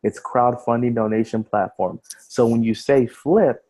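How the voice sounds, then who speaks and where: A man's voice: medium pitch, steady tone, measured pace, warm tone, poor audio. A man giving a casual screen-share webinar walkthrough as an online marketing trainer. He talks over a video call, often repeating words and restarting phrases as he explains.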